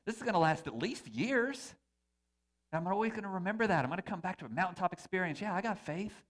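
Guy pastor preaching in a church, chatty and lively, slightly higher voice, cracks little jokes. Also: fast talker. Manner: conversational and animated, with playful asides. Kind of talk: sermon.

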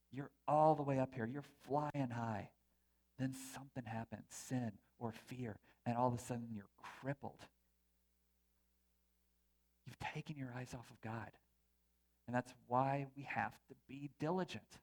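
A man preaching a sermon as pastor, conversational and animated, with playful asides. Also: mid-range voice.

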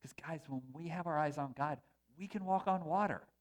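Animated conversational male pastor. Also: fairly high pitch, normal speed. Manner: conversational and animated, with playful asides. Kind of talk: sermon.

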